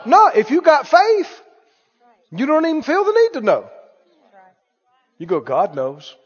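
High pitched preacher guy, animated, long hall echo, kinda muffled. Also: a little slow. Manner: animated, calls for responses, acts out worried voices. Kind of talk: sermon. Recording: dull echoey hall recording.

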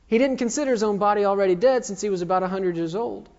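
A man's voice: high voice, quick pace, a little mellow. Man preaching in a reverberant hall. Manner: emphatic call-and-response questioning. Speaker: pastor. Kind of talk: sermon. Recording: dull lo-fi recording with long hall reverb.

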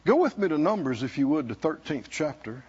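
A man preaching a sermon at a conference, emphatic and sometimes shouting, calling out to the congregation, in a dull lo-fi recording. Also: on the high side, sing-song, fairly quick, slightly rough. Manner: emphatic, shouting at peaks, laughing, call-and-response.

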